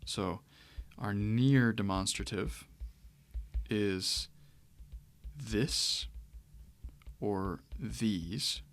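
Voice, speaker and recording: A man teaching a lesson on grammar, talking it through in a relaxed way, with pauses and restarts. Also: lowish voice. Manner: relaxed, thinking aloud with fillers and restarts. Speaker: Greek teacher. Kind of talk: lecture.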